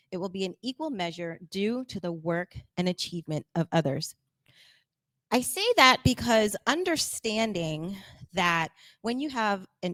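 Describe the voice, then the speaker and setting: A woman speaking to a live audience in a chatty, animated way, acting out quoted voices and laughing often. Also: mid-range voice, dry recording, studio quality. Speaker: workshop speaker.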